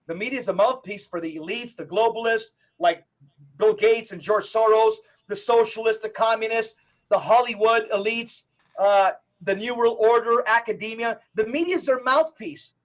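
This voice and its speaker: Very high-voiced emphatic man. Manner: emphatic, preacher-like rapid-fire delivery. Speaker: Catholic evangelist guest. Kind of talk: podcast interview.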